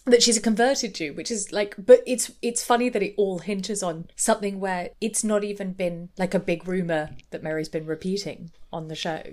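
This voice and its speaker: A woman co-hosting a podcast, talking casually with lots of fillers and quick impressions. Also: mid-range voice, fairly even intonation, darkish tone. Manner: chatty, many fillers, does quick impressions. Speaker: podcast co-host. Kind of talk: casual chat.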